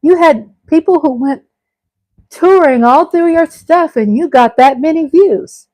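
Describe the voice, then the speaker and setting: A woman's voice: high-pitched, a little slow, a little mellow, dry recording, low-quality recording. A middle-aged woman hosting a casual live stream. She reads out viewer comments and chats back to them, calling her viewers y'all and breaking into exclamations.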